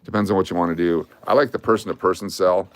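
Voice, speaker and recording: Low-voiced chatty man hosting a livestream. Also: fairly even intonation, fast, no room sound. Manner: chatty, rambling, reads out viewer names and requests. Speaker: livestream host. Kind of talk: casual livestream chat.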